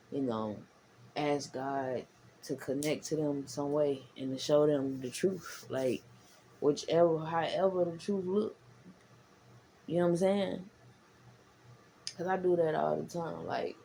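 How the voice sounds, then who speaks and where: A woman talking casually to her followers, rambling and repeating herself. She swings from low murmurs to heated, profane bursts. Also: creaky, warm tone, slight background noise, rough recording. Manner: frank and profane. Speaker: vlogger.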